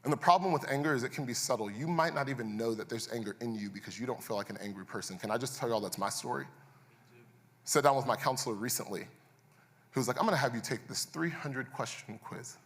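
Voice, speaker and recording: A man's voice: medium pitch, fast. A man preaching a sermon as pastor, conversational and building to intense, repeated refrains. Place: church auditorium. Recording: church hall reverb.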